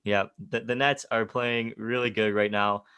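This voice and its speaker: Excitable man chatting about sports. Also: fairly low pitch, moderate pace, smooth, no room sound. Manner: excitable, laughs often, retells his own reactions. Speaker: podcast co-host. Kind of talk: casual sports chat.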